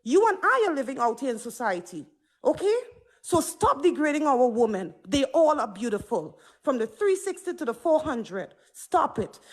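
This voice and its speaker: A woman's voice: high-pitched, very animated, moderate pace. A woman speaking on a livestream panel, emphatic and preachy, who keeps repeating "stop it" and "okay?". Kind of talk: impassioned livestream panel talk.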